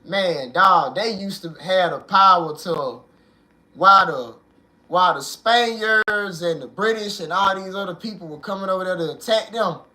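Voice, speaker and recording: Young dude on his channel, high voice, slangy and hyped, says bro and man a lot. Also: normal speed. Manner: animated, streetwise, leans on "bro" and "man". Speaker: video host. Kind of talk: casual slangy monologue to viewers.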